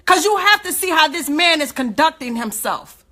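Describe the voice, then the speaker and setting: A woman's voice: high voice, animated, normal speed, bright, forceful tone. A woman speaking, giving an emotional, indignant livestream rant full of rhetorical questions.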